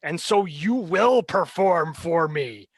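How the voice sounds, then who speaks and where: A man voicing a cruel, gloating alien being who holds captives, speaking slowly and theatrically. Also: on the high side, expressive, breathy edge, no room sound, full character voice. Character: mocking ancient male alien being, cruel captor.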